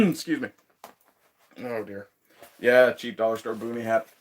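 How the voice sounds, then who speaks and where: A man's voice: medium pitch, fairly bright tone. A man hosting a casual livestream from his woodshed, reading viewer chat in a laid-back, profane way with frequent chuckles.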